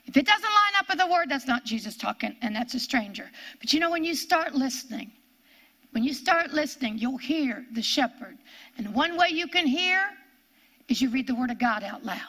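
High bright-voiced woman preaching. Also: expressive, moderate pace. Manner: earnest, repeats phrases, drops to hushed whispers for emphasis. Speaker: Bible teacher. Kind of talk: sermon.

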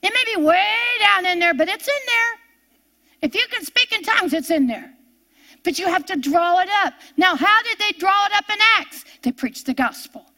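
An older woman delivers a sermon in a high, ringing voice. She leans hard on repeated phrases. Her delivery swings between loud, lifted declarations and quiet, hushed asides. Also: expressive, normal speed. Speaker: preacher.

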